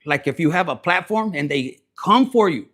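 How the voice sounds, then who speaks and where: High-voiced, blunt, profane man. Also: lively intonation, normal speed, fairly bright tone. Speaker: tarot reader. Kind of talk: casual tarot reading to camera.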